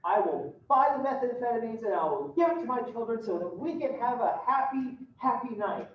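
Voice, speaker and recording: A man plays a relentlessly cheerful, squeaky-clean sitcom father who bursts with folksy exclamations. The voice rides high and sounds distant and dull, as if caught from across a room with heavy echo. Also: expressive, fairly quick, slight background noise. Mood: overjoyed. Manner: gushing, folksy "golly gee" exclamations. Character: overly wholesome cheerful sitcom dad, middle-aged.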